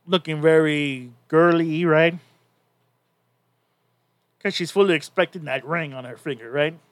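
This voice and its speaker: Recapping a story on a casual podcast, this male co-host rambles loosely and keeps restarting his sentences in a slightly high, unhurried voice. The recording is dry and close, with no room sound.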